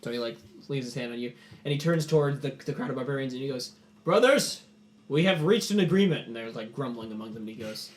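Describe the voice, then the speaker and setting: A man's voice: medium pitch, steady tone, quick pace, darkish tone. A man narrating a tabletop game as game master, casual, with many filler words.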